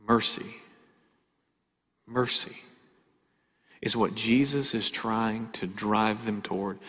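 A man's voice: fairly low pitch, measured pace, fairly bright tone, husky. Man preaching a sermon in a reverberant hall. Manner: conversational preaching with rhetorical questions and dramatic shifts in volume. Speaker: pastor.

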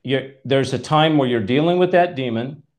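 A man's voice: mid-range voice, normal speed, darkish tone. A man hosting a conversational Bible teaching, emphatic and at times exasperated as he reads scripture aloud. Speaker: host and preacher.

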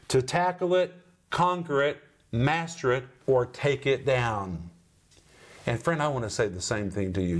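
A middle-aged man with an ordinary mid-range voice hosts a Bible-teaching broadcast. He teaches with emphasis, slowing down and leaning on key words. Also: mid-range voice. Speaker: Bible teacher and program host.

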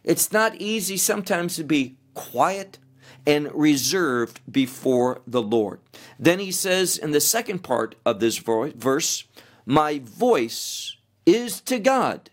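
Middle-aged guy preaching slow and steady, voice a bit high, going verse by verse. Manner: slow, measured verse-by-verse teaching. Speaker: pastor. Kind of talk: expository sermon.

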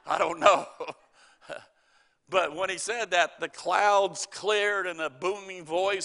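A man's voice: high-pitched, steady tone, takes it slowly, gravelly, sharp tone. A man preaching a sermon, quoting scripture and telling folksy stories, chuckling at his own jokes.

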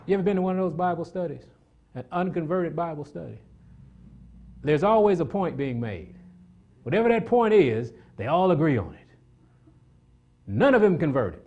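A man delivers a sermon, moving between loud, forceful outbursts and quiet, hushed asides while throwing rhetorical questions at the congregation. His pitch swings widely and he speaks fairly quickly.

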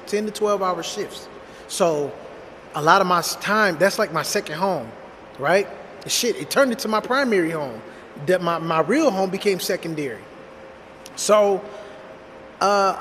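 Man, high voice, blunt slangy storyteller, talks to viewers, reverby room with faint background hum. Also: a bit bright. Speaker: storytime vlogger. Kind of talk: casual storytelling monologue.

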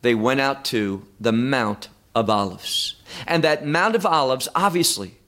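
A man's voice: medium pitch, animated, a little slow, a bit bright. A middle-aged man teaching the Bible verse by verse, emphatic, repeating key words and posing questions he then answers himself.

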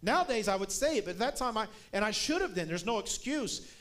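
A middle-aged man preaching a sermon as a guest speaker, telling a story and building up to shouted emphasis. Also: high-pitched, expressive, fast.

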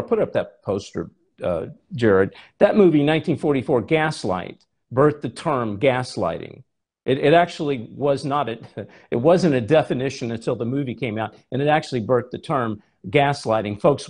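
A man's voice: medium pitch, expressive, normal speed, darkish tone, slightly rough. A male preacher giving a sermon, telling a story with animation and asking the congregation rhetorical questions.

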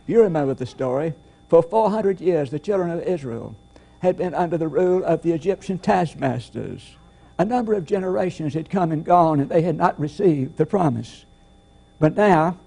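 A man preaching a sermon, deliberate and emphatic, repeating key phrases. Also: fairly high pitch, creaky, warm tone. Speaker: pastor.

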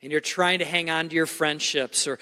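High bright-voiced guy preaching, animated and emphatic, lots of echo from the hall. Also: moderate pace. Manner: animated, repetitive restarts, emphatic. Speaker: pastor. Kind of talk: sermon storytelling.

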